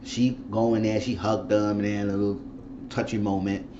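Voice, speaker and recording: Guy recapping a tv episode, chatty and reacting loud, kinda muffled audio w light hiss. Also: fairly low pitch, flat delivery, normal speed. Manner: chatty, reacts loudly to the plot. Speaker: TV show reviewer.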